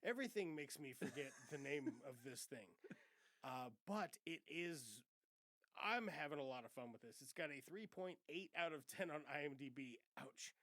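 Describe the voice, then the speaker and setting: A man's voice: a little high, expressive, moderate pace, a bit bright, no echo. A man co-hosting a casual movie review podcast, rambling, joking and stumbling over names. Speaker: podcast co-host.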